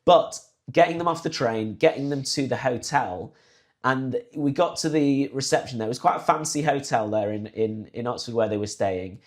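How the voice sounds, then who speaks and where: A man's voice: mid-range voice, moderate pace. A man co-hosting a podcast, telling family stories in casual chat and slipping into raised voices to mimic relatives. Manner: animated storyteller, imitates relatives in raised voice. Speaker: podcast co-host.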